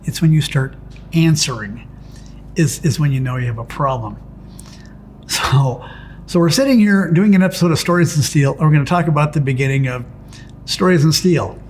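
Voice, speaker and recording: A man's voice: a little high, moderate pace, darkish tone, slight background noise. A middle-aged man who works as a pinstriping artist tells stories about his work in a casual interview, rambling and restarting with plenty of "it's like" asides.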